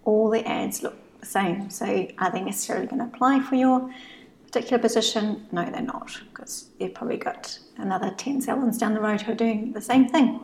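A woman's voice: medium pitch, fairly quick, a little mellow, a little hiss or hum, poor audio. An Australian woman co-hosting a casual podcast, talking chattily with lots of fillers and restarts as she gives salon business advice.

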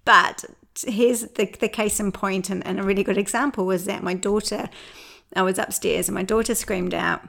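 A woman's voice: mid-range voice, moderate pace, creaky. A chatty woman co-hosting a podcast, telling stories freely and laughing easily. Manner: chatty, lively storyteller who laughs easily. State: recovering from illness. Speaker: podcast co-host. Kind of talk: casual chat.

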